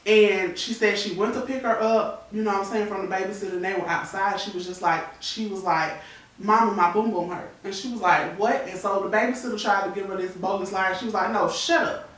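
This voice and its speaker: A woman in her thirties speaks fairly quickly in a mid-range, slightly bright voice, candidly and tearfully sharing a painful personal story on a talk show while imitating those she quotes. She's seated well back from the mic, and her voice rings around a strongly echoing room.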